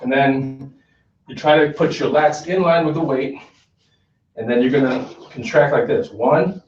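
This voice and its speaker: A man's voice: mid-range voice, unhurried, a little mellow, slight background noise. Man coaching from afar in echoey gym. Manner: conversational, checks in with "okay?" often. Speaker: fitness instructor. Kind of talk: casual workout demonstration. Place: gym, indoors. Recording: echoey gym from far off, dull.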